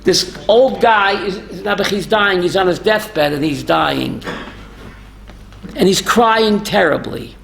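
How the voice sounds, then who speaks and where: A man, a rabbi, telling stories in a lively talk and quizzing his listeners. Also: high voice, slow pace, gravelly, a little hiss or hum. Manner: animated, asks the audience questions. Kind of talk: storytelling Torah talk with audience.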